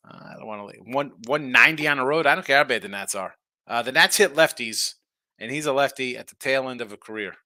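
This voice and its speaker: A man hosting a sports betting show, chatting casually and reacting to viewer comments in a lively, tired-but-animated way. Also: mid-range voice, dry recording, clean studio sound. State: tired, yawning. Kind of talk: casual betting talk reading chat.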